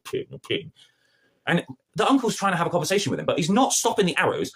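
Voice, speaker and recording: A man talks quickly through a TV episode he dislikes, and he sounds exasperated and sarcastic. His slangy retelling swings widely in pitch, jumping up and down as he mocks the characters. He keeps up a rapid, lively rant throughout. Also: breathy edge. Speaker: film and TV reviewer. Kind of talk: ranting review to camera.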